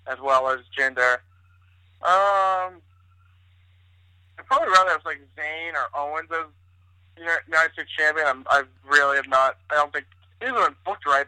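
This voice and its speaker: Very bright-voiced rambling man. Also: a little high, smooth, no echo, rough recording. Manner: rambling, restarts often, profane. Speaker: guest. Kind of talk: casual wrestling chat.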